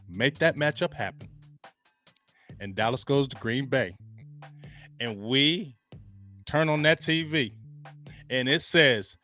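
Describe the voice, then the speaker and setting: A man ranting excitedly on a sports talk show, slangy and repetitive, working himself up with chant-like calls. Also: medium pitch, measured pace, long pauses, soft background music.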